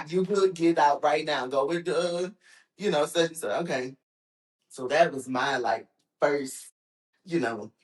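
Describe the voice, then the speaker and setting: A woman from Texas, a podcast guest, telling stories in a casual chat with frequent laughs and quoted voices. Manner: animated, laughs often, acts out quotes in a high voice. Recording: roomy echoing room.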